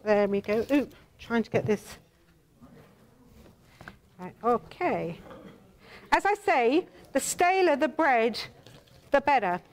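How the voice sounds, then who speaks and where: An older English woman runs a cooking demonstration in a high voice that swoops up and down. She is theatrical and bossy, teasing her audience and calling them darling. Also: big pitch swings, slow, pauses often. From England. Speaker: cooking show host.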